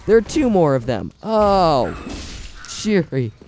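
Animated, drawling gamer man. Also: fairly high pitch, slow pace, slight background noise. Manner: dramatic, whiny self-pitying asides. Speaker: let's play gamer. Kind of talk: casual gameplay commentary.

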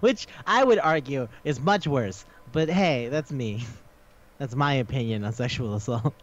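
A man's voice: mid-range voice, animated, unhurried, dull audio. A man co-hosting a casual podcast chat, rambling and laughing, with lots of swearing. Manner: laughing, profane, rambling retelling. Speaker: podcast co-host.

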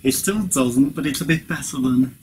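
Casual male vlogger, mid pitch, rambling review chatter, noisy home recording. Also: normal speed, a little mellow. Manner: rambling, chatty, frequent "you know" fillers; chewing while talking at times. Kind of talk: casual product review vlog.

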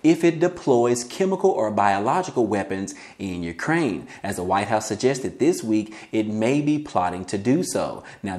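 A man's voice: mid-range voice, mellow. A man hosting a finance news channel, reading news items and adding casual commentary, often addressing viewers as guys.

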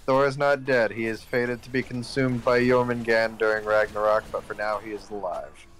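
A man's voice: lowish voice, fairly even intonation, normal speed, fairly bright tone, slight background noise. A man in casual gaming banter, dry and sarcastic, teasing his friend. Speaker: gamer co-streaming.

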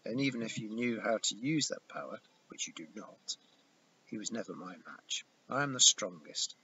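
A man's voice: lowish voice, animated, normal speed, sharp tone. A man voicing a gloating, menacing male fire spirit who purrs and mocks, on a dull recording with hiss. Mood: menacing hush. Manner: purring, mocking.

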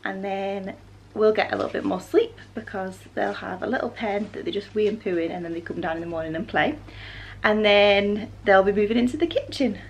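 A woman's voice: mid-range voice, brisk, a little hiss or hum. A young woman chatting casually in a home vlog, rambling with frequent ums. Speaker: vlogger. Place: home with puppies.

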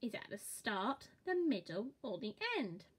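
A woman teaching a children's phonics lesson, modelling each sound slowly and cheering the listener on. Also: medium pitch, very animated, breathy edge. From England. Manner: slow, encouraging, exaggerated sound-by-sound modelling.

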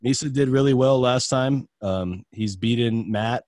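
A man's voice: mid-range voice, a little slow, darkish tone, no room sound. A man hosting a casual podcast, running a music quiz and joking around with friends. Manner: joking, reads lyrics in put-on accents. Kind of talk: casual chat.

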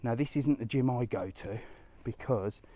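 A man's voice: mid-range voice, normal speed, mellow. Chatty man vlogging while walking. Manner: chatty, down-to-earth, answers viewer questions while walking. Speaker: travel vlogger answering live chat. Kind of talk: casual live-stream walking vlog. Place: outdoors on a sunny seaside resort street.

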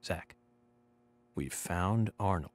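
An actor voicing an eccentric, calmly chatty FBI agent in a video game. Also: male voice, sits low, takes it slowly.

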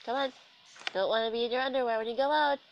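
A woman's voice: a little high, fairly even intonation, fast talker, dull audio. A young woman with a sore throat from being sick, chatting casually and sarcastically as she commentates a video game. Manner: chatty, self-deprecating, sarcastic asides. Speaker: gaming commentator. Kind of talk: casual let's-play commentary.

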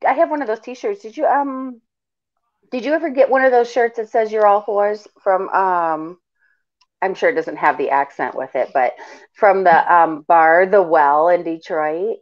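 A woman's voice: medium pitch, moderate pace. A woman co-hosting a casual chat who teases playfully and laughs often. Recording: dull lo-fi recording.

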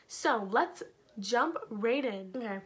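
A woman's voice: a little high, expressive, slow. A woman teaching a casual children's Bible lesson from home, bubbly and chatty with lots of "like". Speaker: kids' church teacher.

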